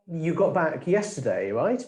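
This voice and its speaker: A woman playing a friendly speaker in a scripted textbook dialogue, speaking clearly and deliberately. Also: low-pitched, very animated, reverberant, a loud crowd.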